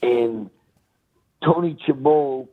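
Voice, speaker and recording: A man's voice: medium pitch, slow pace. A man, a retired boxer, talking bluntly as a guest in a casual interview and laughing as he talks. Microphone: phone call. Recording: tinny phone line.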